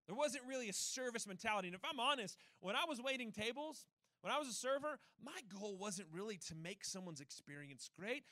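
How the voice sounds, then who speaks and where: High, bright-voiced young preacher. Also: male voice, lively intonation, a little fast, dry recording. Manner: conversational, self-deprecating storytelling. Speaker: pastor. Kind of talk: sermon.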